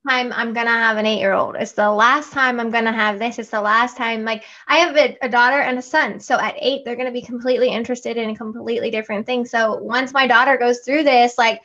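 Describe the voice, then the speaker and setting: A woman in her thirties with a fairly high voice chats casually as a podcast host, telling family stories in an animated way. The recording sounds dull and lo-fi. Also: brisk, few pauses. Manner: animated storytelling, acts out family dialogue. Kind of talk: casual chat.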